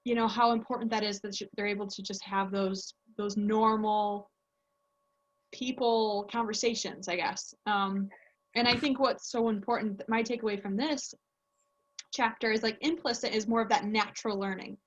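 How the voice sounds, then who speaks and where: A woman's voice: medium pitch, steady tone, moderate pace, dull audio. A woman language teacher chatting casually with a colleague and acting out bits of quoted speech. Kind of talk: casual professional discussion.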